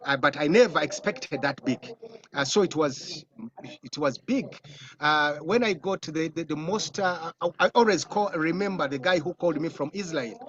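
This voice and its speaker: A man with a Ugandan accent, a film director, telling lively stories in an interview and acting out other people's voices. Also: on the high side, normal speed. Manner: animated storytelling, acts out voices, laughs often. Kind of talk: casual interview answers. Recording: dull, muffled audio.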